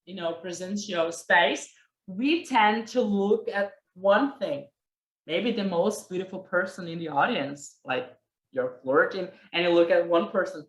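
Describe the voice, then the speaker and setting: A woman teaching presentation skills in a workshop, lively and talking straight to her listeners while she acts out examples. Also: on the low side, unhurried. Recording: echoey room.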